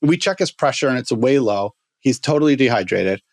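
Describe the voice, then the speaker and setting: A middle-aged man, a former fire lieutenant, tells an emotional story as a podcast guest, earnest and halting, often restarting his words. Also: medium pitch, lively intonation, no echo, studio quality.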